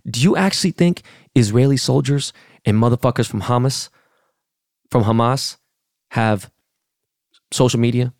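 A man's voice: medium pitch, moderate pace, long pauses, darkish tone, no room sound, studio quality. A middle-aged man from Los Angeles hosting a podcast, ranting in a blunt, profane, heated way. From Los Angeles, California. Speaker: podcast host. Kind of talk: casual rant.

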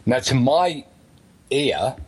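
A man's voice: mid-range voice, big pitch swings, extremely slow, a little mellow, husky, low-quality recording. A man with an English accent co-hosting a talk show, explaining things hesitantly with many ums. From England. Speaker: co-host. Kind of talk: casual chat.

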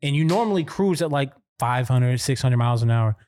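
A man in casual chat with friends, animated and slangy, swearing freely as he tells stories. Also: mid-range voice, fairly quick, slight background noise.

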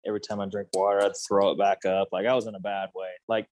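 A man's voice: on the low side, level tone, fast talker, a little mellow. A man in his thirties casually telling a hunting story, rambling with many fillers and restarts. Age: 30s.

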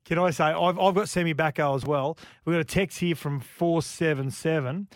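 A man's voice: on the high side, steady tone, moderate pace, dry recording, clean studio sound. Australian man telling footy yarns on radio. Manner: storytelling, reading out listener texts. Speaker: radio sports show host. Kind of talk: casual sports radio chat.

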